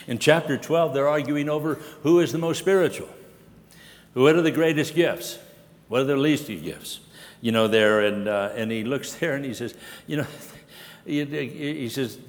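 An older male pastor delivers a rambling, homespun sermon, full of "you know" and restarts. His mid-pitched voice rings through a conference hall with a long reverb tail. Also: normal speed. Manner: folksy, rambling, with many fillers.

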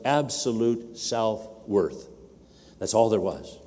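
An older man preaching a sermon at a conference, getting animated as he acts out a demanding baby in a raised voice. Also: medium pitch, moderate pace, in a large hall. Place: large conference hall.

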